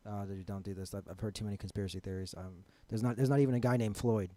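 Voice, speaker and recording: A man co-hosting a casual podcast, animated and quick to jump in with rebuttals. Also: on the low side. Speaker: podcast co-host.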